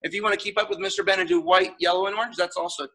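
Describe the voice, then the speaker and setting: Male martial arts instructor, high bright voice, upbeat and encouraging, calling out drills; recorded from across an echoey studio. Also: fairly even intonation, rapid-fire, far from the mic. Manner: upbeat, encouraging, casual with fillers.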